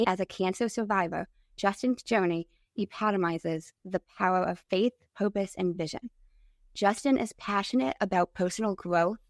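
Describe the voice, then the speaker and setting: A woman's voice: medium pitch, no room sound, studio quality. A woman hosting a podcast interview, upbeat and enthusiastic as she introduces and questions her guest. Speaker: podcast host.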